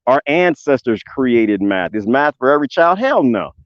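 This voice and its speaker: Rowdy, animated young man ranting. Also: medium pitch, normal speed, no echo. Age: 20s. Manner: loud, animated, swearing, folksy drawl. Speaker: livestream host. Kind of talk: casual livestream rant. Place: outdoors on a homestead. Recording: dull lo-fi dry sound.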